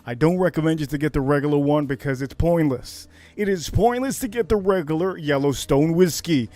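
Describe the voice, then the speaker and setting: A man from Miami hosting a casual whiskey livestream, brash and hyped, jumping to high shouts on catchphrases. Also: brisk, no echo. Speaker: livestream host reviewing whiskey.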